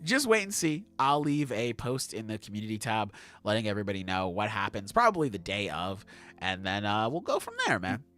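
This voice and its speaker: A young adult man hosting a podcast in casual chat, animated, swearing and laughing often. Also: fairly low pitch, brisk, soft background music. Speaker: podcast host.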